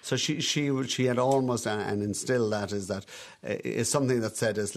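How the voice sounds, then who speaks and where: A man's voice: mid-range voice, steady tone, a little fast, hardly any pauses. A middle-aged Irish man in an interview, reminiscing at length in a chatty, anecdotal way with frequent restarts. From Ireland. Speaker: interview guest, emigrant bar owner. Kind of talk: reminiscing conversational storytelling.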